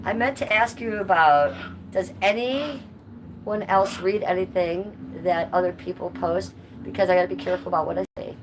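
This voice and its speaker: A woman's voice: fairly low pitch, moderate pace. A woman live streaming from home, chatting casually and answering her viewers' comments. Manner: chatty, reads chat aloud and answers viewers. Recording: noisy background.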